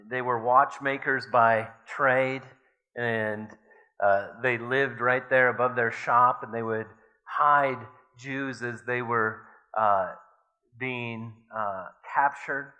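A man's voice: mid-range voice, bright, forceful tone, rough recording. A man preaching a sermon, speaking in an earnest, hesitant way with frequent fillers as he reads a story aloud. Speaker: pastor.

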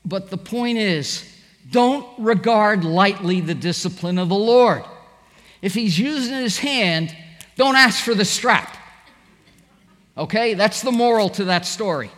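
Middle-aged guy preaching, high voice, lively storyteller, long echo like a big church hall. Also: measured pace. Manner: storytelling preacher, animated, acts out quotes. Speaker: pastor. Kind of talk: sermon.

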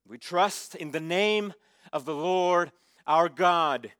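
Emphatic high-voiced male preacher. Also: sharp tone, dry recording, studio quality. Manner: emphatic, asks the congregation to fill in words. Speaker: pastor. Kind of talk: sermon.

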